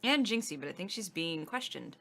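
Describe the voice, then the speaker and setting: A woman's voice: fairly low pitch, sing-song, fairly quick, creaky, pushed and bright, a little hiss or hum. A woman co-hosting a let's play, chatting playfully and teasing as she comments on the game.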